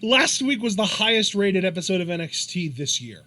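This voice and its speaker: A man's voice: high voice, big pitch swings, normal speed, sharp tone. A man co-hosting a casual wrestling podcast, matter-of-fact and dryly quipping. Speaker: podcast co-host.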